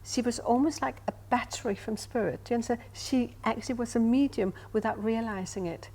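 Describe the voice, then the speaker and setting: A woman's voice: a little high, a little fast. Older woman medium, emphatic storyteller. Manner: emphatic, animated storyteller, asks "do you see what I mean". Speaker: spiritual medium. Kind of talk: conversational interview storytelling.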